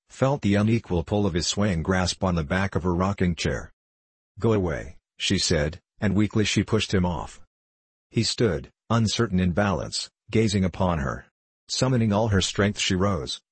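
Male audiobook narrator, very deep and husky, dry close sound. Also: animated, normal speed, dry recording. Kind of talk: scripted narration.

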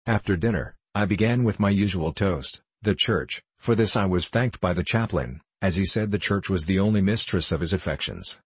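Deep husky male audiobook narrator. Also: no room sound. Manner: measured, even storytelling. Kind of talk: audiobook narration of a classic novel.

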